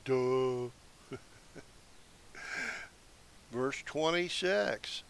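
In a mid-range voice touched with vocal fry, a seated Bible teacher reads scripture one verse at a time, slowly and deliberately, with casual explanatory asides. There's a little hiss or hum on the recording.

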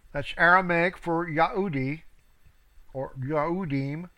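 A man with a high voice and a bright, forceful tone, reading scripture aloud as a preacher. He leans hard on key words and stretches them out. Between passages he drops into quick asides and sometimes stumbles and restarts a word. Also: expressive. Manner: emphatic, drawn-out stresses on key words.

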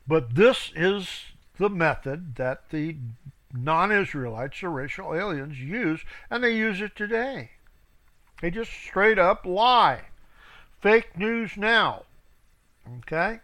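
A preacher reading scripture aloud, stretching out key words with emphasis, and breaking off for quick spoken asides. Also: male voice, high voice, lively intonation, pushed and bright. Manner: occasional stumbles and restarts.

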